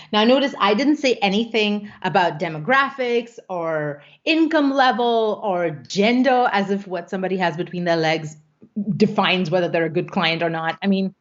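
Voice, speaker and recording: A woman's voice: mid-range voice, highs cut off. A woman coaching her viewers in a casual live stream, chatty and playful, often laughing.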